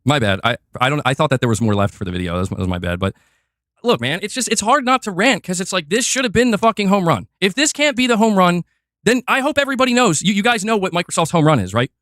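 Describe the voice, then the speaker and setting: Male gaming ranter, high lively voice, heated and profane. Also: dry recording, studio quality. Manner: fiery, exasperated, profane, talks fast in bursts. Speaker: gaming commentator reacting to a video. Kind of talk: heated reaction rant.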